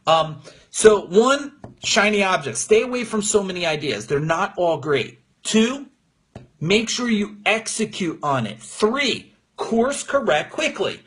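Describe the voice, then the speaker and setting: A man who coaches business owners, giving an energetic, emphatic motivational talk on a livestream from his room. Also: high-pitched, measured pace, husky. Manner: energetic, emphatic, gets emotional.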